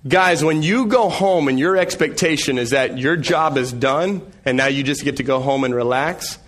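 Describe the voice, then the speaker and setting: A male preacher and father giving a sermon, telling lively stories about family life that he acts out, then dropping low and quiet to press his point home. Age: young adult to middle-aged, father of several sons. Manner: animated storytelling, acting out family scenes.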